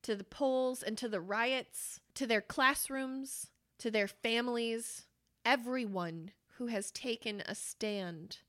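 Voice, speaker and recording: Fierce, profane young woman, slightly high voice. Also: bright, forceful tone. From Wisconsin, US. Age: late 20s. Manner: blunt, profane and fiercely emphatic; slows down for emphasis on key phrases. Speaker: podcast host. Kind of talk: impassioned monologue.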